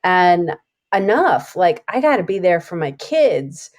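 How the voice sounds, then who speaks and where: Casting note: middle-aged woman host, lowish voice, warm and frank, energetic. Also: takes it slowly. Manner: enthusiastic, reflective, frank. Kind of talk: casual conversation.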